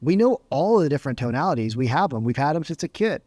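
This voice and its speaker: A man's voice: a little high, big pitch swings, fast, a little mellow, dry recording, studio quality. A man giving a motivational talk as a sales coach, emphatic and full of rhetorical questions. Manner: emphatic, asks rhetorical questions, says "right?" often.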